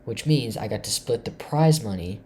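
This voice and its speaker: A man from Tennessee excitedly walking through his chess game, thinking aloud and swinging between loud bursts and hushed asides. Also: on the low side, normal speed, slight background noise. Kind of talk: excited game recap to camera.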